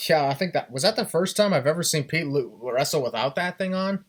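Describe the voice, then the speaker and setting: A man's voice: fairly high pitch, lively intonation, fairly quick. A man co-hosting a casual wrestling podcast, recapping the events steadily. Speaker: podcast co-host.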